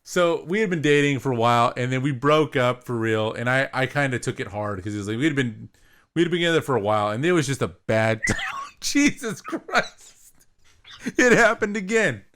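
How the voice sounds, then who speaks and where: A man's voice: medium pitch, fast, noisy background. Laid-back man telling a rambling story. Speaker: podcast co-host. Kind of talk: casual storytelling.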